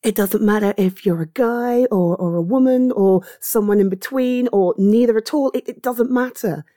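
A woman performing a comfort audio role-play, speaking gently and reassuringly to the listener and sometimes dropping into a whisper. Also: medium pitch, moderate pace, dry recording, studio quality.

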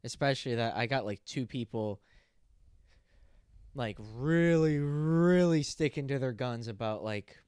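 A young college-age man chats loosely on his podcast, telling a rambling story with swear words and false starts. His voice is smooth and clear, and the sound is dry and close. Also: medium pitch, expressive, a little mellow, dry recording. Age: young adult. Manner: rambling, swearing, quick laughs. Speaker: podcast host. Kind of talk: casual podcast chat. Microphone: podcast mic.

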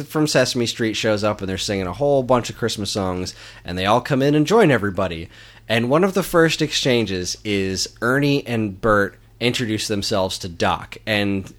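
Enthusiastic, laughing man with a low voice. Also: a bit bright. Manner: enthusiastic, laughs often, many fillers. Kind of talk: casual chat.

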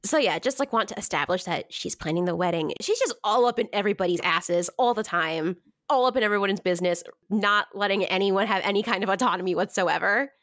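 A woman's voice: mid-range voice, fairly quick, fairly bright tone, dry recording, studio quality. Giggly chatty woman podcaster. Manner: giggly, chatty, frequent laughter. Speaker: podcast co-host. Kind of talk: casual chat about a story.

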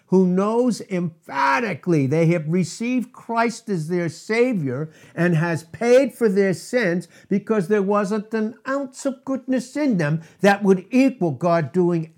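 Animated high-pitched male preacher. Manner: emphatic, repeats words, laughs between points; quoting scripture with drawn-out stress. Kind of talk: sermon.

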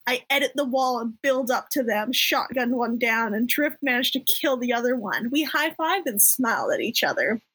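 A young woman co-hosting a comedy podcast, reading fan fiction aloud in a halting, giggly way. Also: on the high side, expressive, a bit bright, slightly rough, no room sound, poor audio. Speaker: podcast co-host.

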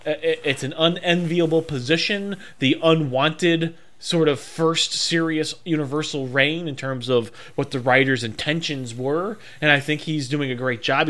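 A man's voice: a little high, fairly bright tone. A man co-hosting a casual chat, giving strong opinions and thinking aloud with frequent ums. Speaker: podcast co-host.

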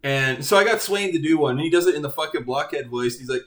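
A man's voice: fairly high pitch, expressive, fast talker, roomy sound. A man hosting a casual group chat over an online call, laid-back, swearing and laughing often. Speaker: podcast host.

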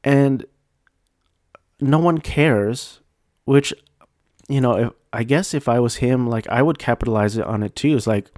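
A man hosting a solo podcast in a mid-pitched voice. He wanders from point to point with wry, self-mocking jokes. The sound is close and dry, with no room echo. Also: a little slow, long pauses, a little mellow. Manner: rambling, joking, self-mocking asides. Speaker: podcast host. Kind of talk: casual solo podcast monologue.

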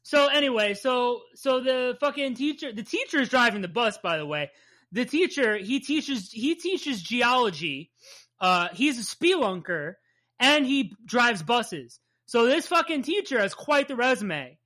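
A man's voice: very high voice, lively intonation, unhurried, pushed and bright. A man from New Jersey with a Jersey accent, co-hosting a casual recap podcast, rambling and swearing as he laughs along. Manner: profane, rambling, laughs often. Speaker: podcast co-host.

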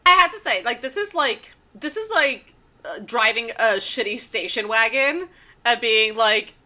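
A woman's voice: a little high, lively intonation, unhurried, sharp tone. A woman co-hosting a casual anime recap podcast, laughing often and acting out characters' lines. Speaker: podcast co-host.

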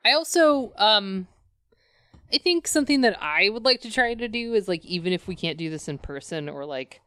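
A woman's voice: mid-range voice, animated, moderate pace, fairly bright tone, clean tone, no echo, clean studio sound. A woman co-hosting a podcast in casual, rambling chat, laughing often and poking fun at herself. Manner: giggly, rambling, self-mocking. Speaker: podcast co-host. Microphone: compact podcast mic.

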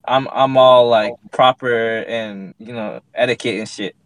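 A man's voice: medium pitch, fairly even intonation, measured pace, dry recording. Hesitant man, dry close sound. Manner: hesitant, repeats words when starting. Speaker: podcast co-host. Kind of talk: casual podcast chat.

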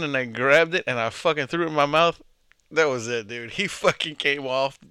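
Male podcast co-host, brash prank storyteller, bright and forceful delivery, dry close sound. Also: fairly high pitch, moderate pace, clean tone, no room sound. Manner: crude, boisterous storytelling with loud acted-out quotes. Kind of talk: casual chat.

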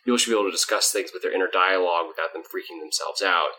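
A man's voice: deep voice, rapid-fire, bright, forceful tone. A man co-hosting a casual podcast, joking about himself, then explaining topics earnestly. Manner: joking, self-mocking, turns earnest when explaining. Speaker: podcast co-host.

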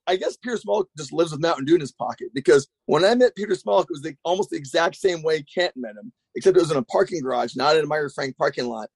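A man's voice: fairly high pitch, a little mellow, no echo. A man telling rambling, profane stories as a guest in a casual chat. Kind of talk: casual storytelling.

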